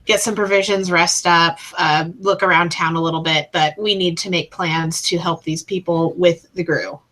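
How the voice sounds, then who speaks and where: A woman's voice: lowish voice, steady tone, moderate pace, fairly bright tone. A woman playing a tabletop game, talking hesitantly with many fillers. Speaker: player.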